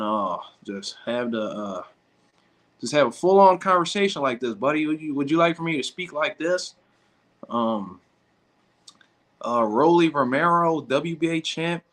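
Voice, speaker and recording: A man putting on an exaggerated, overly proper voice to mock polite speech. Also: on the high side. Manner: exaggerated mock-formal, drawn-out.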